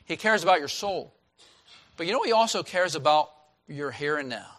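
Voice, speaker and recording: A man preaching a sermon as a pastor, reading scripture and swinging from loud exclaiming to hushed tones. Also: on the high side, lively intonation, normal speed.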